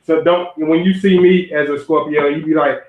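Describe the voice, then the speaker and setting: A man's voice: fairly high pitch, steady tone, normal speed. A young man hosting a livestream, giving rambling zodiac relationship advice and talking straight to his chat. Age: young adult. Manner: rambling, repeats and restarts phrases, addresses chat directly. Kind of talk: casual livestream talk to viewers. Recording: roomy, phone-like lo-fi audio.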